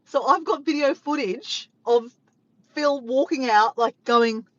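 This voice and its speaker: A woman vlogger telling a funny story to her viewers, animated and laughing, swearing freely. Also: high voice, unhurried, no echo, lo-fi sound. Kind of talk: casual storytelling to camera.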